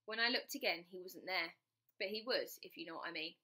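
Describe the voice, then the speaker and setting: Woman reading a storybook aloud, bright clear voice, expressive first-person narration. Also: on the low side, fairly quick. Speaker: storybook reader.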